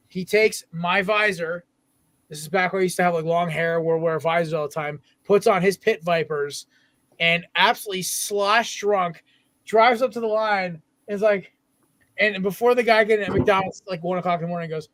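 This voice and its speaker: Young guy with a high voice telling a rowdy story on a sports podcast, dry sound. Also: normal speed, no echo. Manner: animated storyteller. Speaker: podcast co-host. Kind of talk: casual sports podcast banter.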